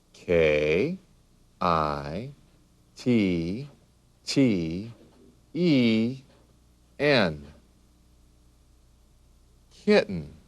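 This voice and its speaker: A man's voice: low voice, a bit bright, no echo. A man narrating a children's learning video, asking friendly questions and spelling each word letter by letter. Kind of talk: scripted narration.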